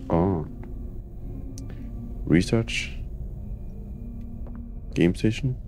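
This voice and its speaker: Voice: deep voice, slow, long pauses, mellow, faint music behind. A gaming streamer giving casual, joking commentary while playing, talking to himself and to the game.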